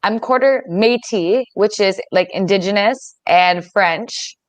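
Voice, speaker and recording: A woman's voice: mid-range voice, slow, no room sound. Chatty canadian woman in her 20s, laughs a lot, dry close mic. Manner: laughs often, chatty and candid. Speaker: wrestler guest. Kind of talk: casual interview chat.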